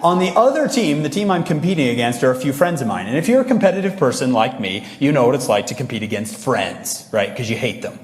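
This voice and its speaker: Male motivational speaker, lively storyteller with audience asides, long hall reverb. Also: medium pitch, fast talker, few pauses. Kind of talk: motivational talk to a young audience. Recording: echoey large hall.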